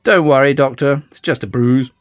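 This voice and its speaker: A man's voice: normal speed, dry recording, soft background music, natural voice. A man voicing a pompous, theatrical male villain who declaims and snaps with sarcasm. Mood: exasperated. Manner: declaiming, shrill and exasperated.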